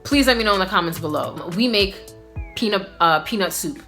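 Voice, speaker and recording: A woman's voice: mid-range voice, animated, a little fast, sharp tone, faint music behind. A young woman hosting a casual video language lesson, chatty and upbeat, with lots of filler words. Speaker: language teacher vlogger.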